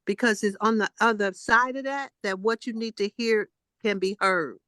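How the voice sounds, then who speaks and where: A woman's voice: mid-range voice, normal speed, no echo, clean studio sound. Coaxing woman guiding others to breathe. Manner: warm, coaxing, calls people honey and baby. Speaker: co-host. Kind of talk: supportive group talk, coaching breathing.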